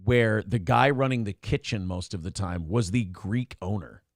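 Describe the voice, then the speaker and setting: A man's voice: fairly low pitch, moderate pace, no echo, studio quality. A man hosting a casual morning chat show, telling stories with lots of swearing and laughter. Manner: profane, storytelling, laughs often. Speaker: host.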